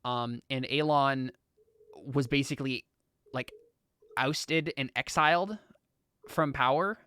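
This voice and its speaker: Rambling young game master, smooth voice. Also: male voice, mid-range voice, slow, pushed and bright, dry recording, clean studio sound. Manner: rambling, full of "like" and "um" restarts. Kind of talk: narrating a tabletop game.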